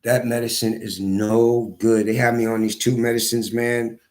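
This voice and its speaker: A hoarse man telling his story in a casual monologue, repeating his points for emphasis. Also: mid-range voice, little pitch movement, moderate pace, darkish tone. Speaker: vlogger.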